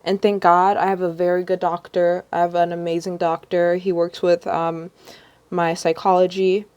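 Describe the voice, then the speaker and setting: A woman's voice: lowish voice, little pitch movement, moderate pace, darkish tone, clear, resonant tone, lo-fi sound. A young woman vlogger chatting casually on a livestream, rambling with many ums and restarts.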